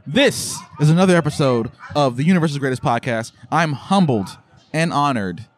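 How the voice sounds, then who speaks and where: A man's voice: a little high, expressive, moderate pace. A man co-hosting a comedy podcast, chatting casually with crude, playful banter. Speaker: podcast co-host.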